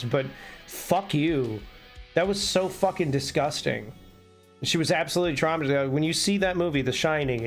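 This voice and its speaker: A man live-streaming an unscripted rant, blunt and heated, swearing constantly. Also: on the high side.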